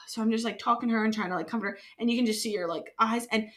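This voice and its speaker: A woman recounting her own experience in relaxed podcast conversation, full of "like" fillers and trailing restarts. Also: fast talker, crowd noise. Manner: acts out quoted dialogue in a higher voice. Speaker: bereaved mother sharing her story. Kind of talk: casual conversational storytelling.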